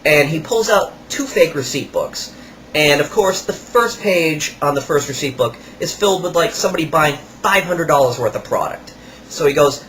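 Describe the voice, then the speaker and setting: A man's voice: on the high side, animated, normal speed, a bit bright, slight background noise. A man hosting a podcast, telling a story in a wry, sarcastic way. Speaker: podcast host. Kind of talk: storytelling monologue.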